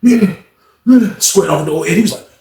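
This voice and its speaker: A man's voice: fairly high pitch, racing, gravelly, a little hiss or hum. Slangy man telling a story, echoey room. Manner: animated, slangy, acts out quoted voices. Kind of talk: casual storytelling.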